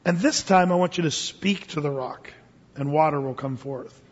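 A calm divine voice gives quiet orders in a lowered, steady tone, as a preacher puts it on. The sound is husky and carries a long reverb from a large hall, on a dull recording. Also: male voice, normal speed. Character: calm commanding divine male voice.

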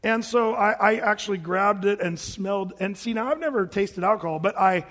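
A middle-aged male pastor telling a personal story in a sermon, animated and acting out the voices of his family. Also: high voice, moderate pace, big-room sound.

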